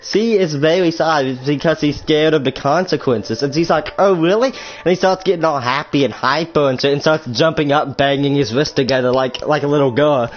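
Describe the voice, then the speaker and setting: On a slightly muffled lo-fi recording with faint music, a teenage boy rambles through a crude storytime vlog tale, frequently correcting himself. His voice sits on the high side, moving at a moderate pace with few pauses.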